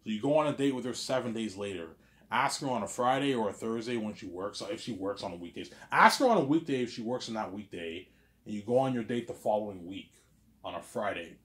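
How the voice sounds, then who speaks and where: A young man with a somewhat low voice rambles through a solo monologue. He brags and circles back on the same points. He often trips over and repeats his words. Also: animated, fairly quick, fairly bright tone. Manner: boastful, repetitive, stumbling over words. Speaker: vlogger.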